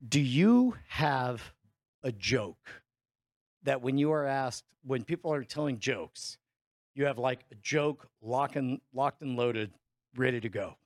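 A man's voice: mid-range voice, expressive, slow pace, no room sound, clean studio sound. A man moderating a live panel on stage, asking playful, teasing questions.

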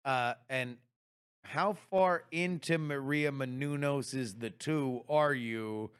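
A man's voice: mid-range voice, slow, smooth. A man co-hosting a podcast, teasing his friends bluntly with swearing in casual chat. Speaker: podcast co-host.

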